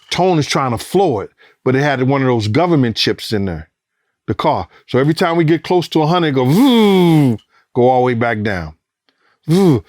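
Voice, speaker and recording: Animated, profane man telling a story. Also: mid-range voice, no room sound, clean studio sound. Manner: animated, profane retelling that acts out other people's lines. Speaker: former bodyguard. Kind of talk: interview storytelling.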